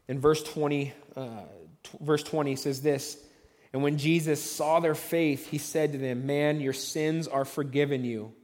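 A man's voice: fairly high pitch, fairly even intonation, unhurried, darkish tone, big-room sound. A man preaching a sermon as pastor, telling the story conversationally and acting out the voices of the onlookers.

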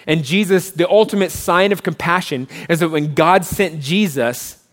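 Man, pastor, sermon, slightly high voice, talks like a chat, goes quiet and low when consoling. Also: moderate pace. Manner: conversational preaching, rises for emphasis and drops soft and low when consoling.

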